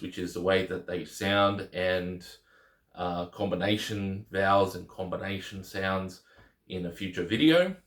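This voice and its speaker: A man's voice: sits low, roomy sound. A man teaching the Greek alphabet in a casual lesson, patiently repeating each letter name.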